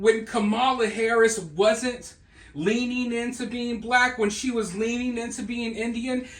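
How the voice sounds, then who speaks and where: High-voiced man ranting, echoey room. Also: fairly bright tone. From Southern United States. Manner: emphatic, scornful, talks straight to viewers. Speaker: political commentary host. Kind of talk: opinionated monologue commentary.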